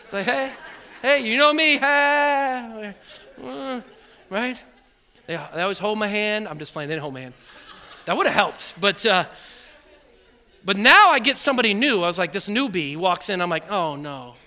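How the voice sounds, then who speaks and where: A man preaching to his church, telling a funny personal story with lively acted-out voices and laughter. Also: high-pitched, normal speed, pauses often. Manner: animated storytelling, acts out voices and beeps, laughs often. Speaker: pastor. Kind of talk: sermon with a comic personal story. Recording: echoey hall with long reverb.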